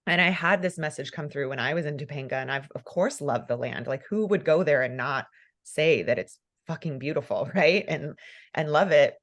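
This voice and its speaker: A woman's voice: deep voice, moderate pace. A woman hosting a podcast interview, talking in an emotional, fervent way and laughing often. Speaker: podcast host. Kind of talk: casual conversational interview.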